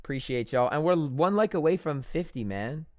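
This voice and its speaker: Smooth-voiced chatty male streamer. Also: fairly high pitch, animated, normal speed, no room sound, studio quality. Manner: chatty, joking, self-deprecating. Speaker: crypto trading streamer. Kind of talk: casual live-stream market commentary.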